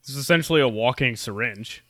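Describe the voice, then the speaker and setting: A man on a comedy podcast, ranting with animated, crude jokes. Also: mid-range voice, brisk, no echo, clean studio sound. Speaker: podcast co-host. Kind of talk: casual comedy podcast chat.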